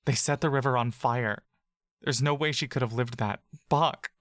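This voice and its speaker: Hoarse scared young elf guy in a fantasy audio story, read by a man, dry close sound. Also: medium pitch, moderate pace, a bit bright, no room sound, lightly acted. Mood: grieving. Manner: urgent, voice breaking. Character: frightened young male elf shapeshifter.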